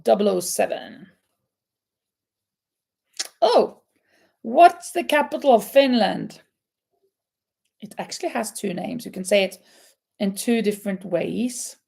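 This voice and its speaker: Slow-talking chatty woman, gravelly voice. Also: mid-range voice, expressive, dark tone. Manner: chatty, laughs often, reads quiz questions to viewers. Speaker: host of a live crochet chat and quiz. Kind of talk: casual live-stream chat.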